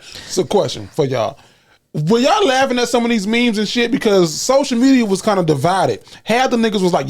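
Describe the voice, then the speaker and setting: A man's voice: high-pitched, big pitch swings, moderate pace. A man in his forties hosting a comedy podcast, joking and laughing through casual banter. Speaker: podcast host.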